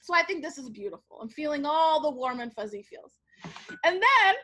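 A Canadian woman teacher telling a lively story in a workshop webinar, acting out quoted voices and checking in with "okay?". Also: very high-pitched. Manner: animated, acts out quoted voices, frequent "like" and "okay?". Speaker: teacher giving a workshop talk. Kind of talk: storytelling presentation. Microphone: webinar microphone.

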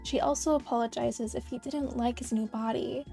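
A woman's voice: fairly high pitch, fairly even intonation, normal speed, creaky, mellow. Young woman narrating a horror comic. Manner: casual, chatty asides with slang. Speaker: YouTube narrator. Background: faint background music.

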